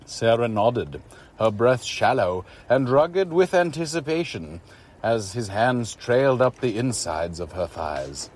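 A man's voice: medium pitch, lively intonation, takes it slowly, a little hiss or hum. Man steadily narrating a story. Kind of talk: scripted narration of an erotic story.

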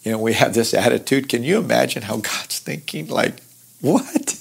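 Gravelly-voiced man teaching scripture. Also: mid-range voice, a little fast. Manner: earnest, explanatory, lively asides. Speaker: pastor teaching Bible study. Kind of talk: conversational Bible teaching.

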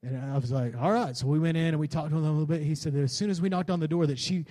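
A man's voice: fairly high pitch, steady tone, rapid-fire, warm tone. A man, a pastor preaching a sermon, telling a personal story in a casual, conversational way and building to fervent declarations.

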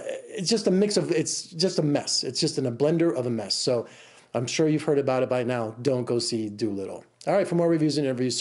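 A middle-aged film critic in Las Vegas reviews a movie in a slightly high, somewhat mellow voice. He rambles casually, sounding exasperated and restarting often.

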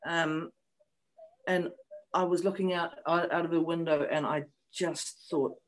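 A woman's voice: lowish voice, fairly even intonation, a little slow, low-quality recording. A woman in her fifties speaking frankly and emotionally as an interview guest, repeating phrases for emphasis and swearing bluntly. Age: 50s. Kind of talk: candid personal storytelling. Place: New Zealand.

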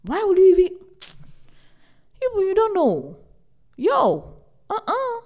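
Lively, emphatic young woman podcaster. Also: very high-pitched, takes it slowly. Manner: animated and emphatic, repeats words for stress. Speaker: podcast host. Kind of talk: casual relationship advice monologue.

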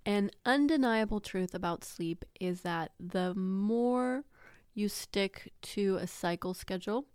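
A woman's voice: medium pitch, slow, darkish tone, smooth, dry recording, clean studio sound. A woman in her thirties hosting a podcast as a baby sleep consultant, chatting casually, acting out quotes and laughing often.

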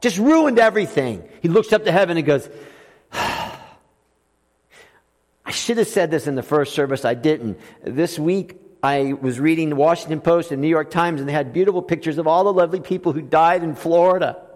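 A man preaching a sermon as pastor, swinging between loud emphatic lines and soft hushed ones. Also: on the high side, fairly quick, few pauses. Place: church sanctuary. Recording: long reverb of a church hall.

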